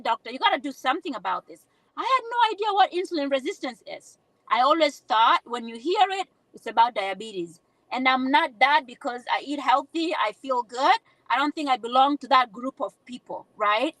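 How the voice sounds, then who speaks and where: A woman with a Kenyan accent shares her story from inside a car, her voice sitting high and bright. The sound is close and dry. She speaks earnestly, in an unhurried storytelling way. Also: no echo, rough recording. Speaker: guest. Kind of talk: personal testimony on a live stream. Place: in a car at night.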